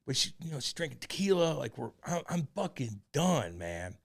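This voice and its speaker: A man in his forties co-hosting a podcast, telling a personal story in a rambling, profane way that turns loud and heated. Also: medium pitch, big pitch swings, moderate pace, vocal fry. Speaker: podcast co-host. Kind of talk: candid casual chat.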